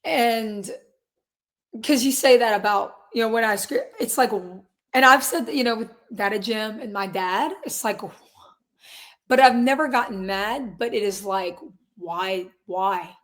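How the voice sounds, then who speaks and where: A woman's voice: medium pitch, measured pace. A woman in her twenties, a guest in a casual interview, talking earnestly and rambling through restarts and quoted asides. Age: 20s. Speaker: guest, singer and real estate agent.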